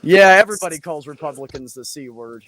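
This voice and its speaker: A man hosting a casual group chat, talking loudly with lots of swearing and laughter. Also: fairly high pitch, lively intonation, fast talker. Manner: loud, profane, laughing often.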